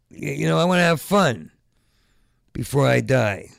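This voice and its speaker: Gravelly stammering older man, rambling. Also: mid-range voice, expressive, no room sound, studio quality. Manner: stammering, halting, repeats sounds at word starts; profane rants, trails off into mutters. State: Parkinson's. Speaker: stand-up comedian. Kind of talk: rambling comedic monologue.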